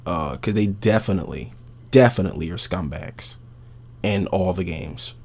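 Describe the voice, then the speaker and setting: Low-voiced podcast host, profane storytelling. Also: male voice, moderate pace, creaky. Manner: profane, animated retelling. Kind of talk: casual game recap.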